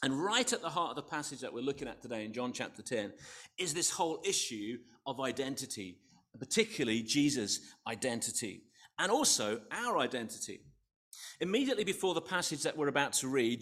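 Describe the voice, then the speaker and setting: A man's voice: mid-range voice, big pitch swings, a little fast, fairly bright tone. A middle-aged man, a preacher, opening his sermon with a self-deprecating personal story in a conversational storytelling manner.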